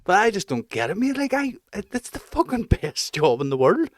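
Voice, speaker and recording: A man's voice: sits high, big pitch swings, a little fast, no echo. A man, co-hosting a podcast and ranting bluntly with plenty of swearing. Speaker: podcast co-host. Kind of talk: casual chat.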